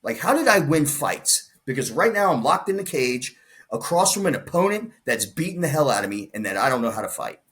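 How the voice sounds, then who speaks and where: A man telling a personal story as a podcast guest, his voice at an ordinary middle pitch. He acts out what others said with lively swings, and he often restarts his sentences. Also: a little fast. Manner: animated retelling, acts out quoted dialogue, frequent restarts. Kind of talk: storytelling in casual conversation.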